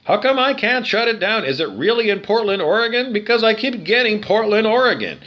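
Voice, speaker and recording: Man in a ranting monologue, high and swooping voice, agitated, profane, repetitive, keeps asking questions. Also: animated, a little fast, dull audio. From Canada. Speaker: video monologue speaker.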